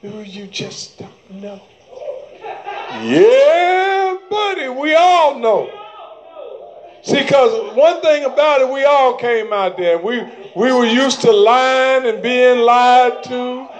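A man preaching a sermon to his church, calling for amens and breaking into shouted bursts. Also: very high voice, animated, slow.

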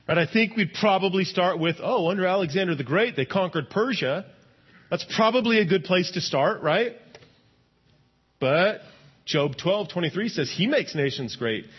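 A pastor preaching a sermon to a congregation in a church, animated and often asking them "right?". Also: male voice, high voice, slightly rough, lo-fi sound.

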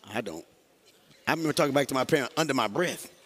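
A man with a drawl preaches to his congregation in a lively, joking back-and-forth. His voice jumps high when he laughs or mimics scolding parents, then drops low and soft for serious points. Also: quick pace, long reverb tail. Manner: animated, laughing, call-and-response with the congregation. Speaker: pastor. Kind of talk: sermon.

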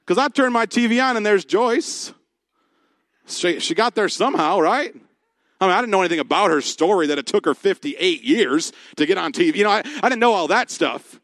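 A male pastor preaching a sermon, telling the story with lively acted-out dialogue and talking with the congregation. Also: sits high, a little fast, dry recording. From Michigan. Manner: animated storytelling, acts out quoted voices.

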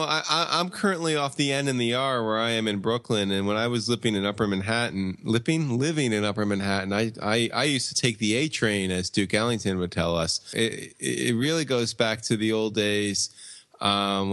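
A man co-hosting a comics podcast, chatting casually and spinning a rambling deadpan tall tale. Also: fairly low pitch, no room sound. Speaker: podcast co-host.

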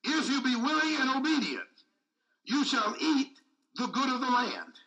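Animated high-voiced man preaching. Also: moderate pace, far from the mic, muffled recording. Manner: call-and-response preaching, repetitive, emphatic. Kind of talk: sermon.

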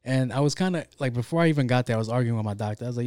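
Young male host, casual profane storyteller, mellow dark tone, dry close sound. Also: medium pitch, rapid-fire, dry recording. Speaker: podcast host.

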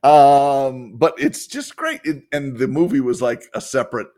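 A man's voice: mid-range voice, very animated, measured pace, warm tone. A man co-hosting a podcast in casual chat, easygoing and joking with frequent chuckles. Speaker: podcast co-host.

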